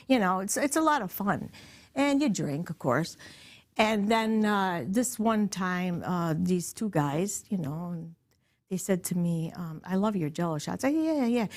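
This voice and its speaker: This is a middle-aged woman guesting on a podcast, spinning an animated, easygoing story punctuated by laughs and plenty of profanity. Her pitch is medium.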